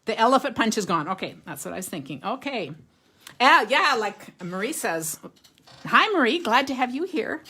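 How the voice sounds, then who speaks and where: A woman's voice: fairly high pitch, sing-song, moderate pace, pushed and bright, slightly rough. A woman hosting a live craft stream, chatting casually with viewers, showing greeting cards, laughing often and reading comments aloud. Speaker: card-making livestream host.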